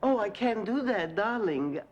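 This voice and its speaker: A woman's voice: medium pitch, expressive, a little slow, darkish tone, lo-fi sound, lightly acted. An actress playing a fussy, doting older woman voter who calls people sweetheart.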